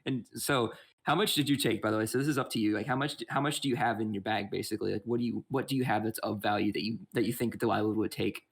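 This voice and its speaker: A man's voice: on the low side, fairly even intonation, fast, vocal fry, breathy edge. A man narrating as game master of a tabletop game, rambling and full of restarts.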